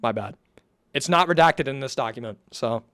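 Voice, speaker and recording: Smooth-voiced man reading aloud, stumbling. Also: mid-range voice, lively intonation, moderate pace, a bit bright, no room sound, studio quality. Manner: stumbling and self-correcting, apologetic asides. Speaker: commentator reading a document on stream. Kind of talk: reading aloud with casual asides.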